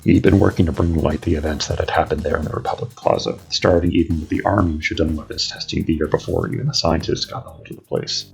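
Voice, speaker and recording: A man playing a calm, matter-of-fact guide figure in an audio drama, explaining things plainly. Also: very deep voice, fast, creaky, few pauses, breathy edge, soft background music, heavily acted. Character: Micah, a composed male guide figure.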